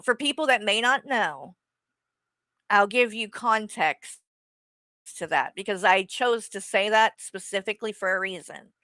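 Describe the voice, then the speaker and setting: Woman host, blunt sarcastic rant, crisp bright tone, dead-dry sound. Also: mid-range voice, dry recording. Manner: blunt, sarcastic, swears freely. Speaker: streamer host. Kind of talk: casual rant to viewers.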